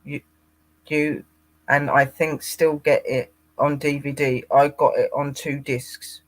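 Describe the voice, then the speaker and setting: A man's voice: a little high, little pitch movement, slow. A man co-hosting a casual paranormal livestream, rambling and greeting viewers by name.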